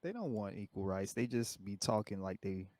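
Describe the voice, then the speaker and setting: A man's voice: on the low side, lively intonation, moderate pace, darkish tone, dry recording. A man on a discussion panel, blunt and crude, cracking jokes.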